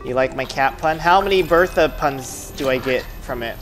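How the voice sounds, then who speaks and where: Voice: mid-range voice, normal speed. Chatty streamer over game music. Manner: chatty, muttering asides to self and viewers. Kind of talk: casual let's-play commentary.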